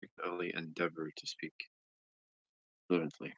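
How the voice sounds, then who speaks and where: An American man chatting casually on a live stream, rambling and joking with long pauses. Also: completely flat delivery, no room sound. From United States. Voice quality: slow, low, gravelly voice. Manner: rambling, jokey, drawn-out phrasing with long pauses. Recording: dull, lo-fi, dry stream audio.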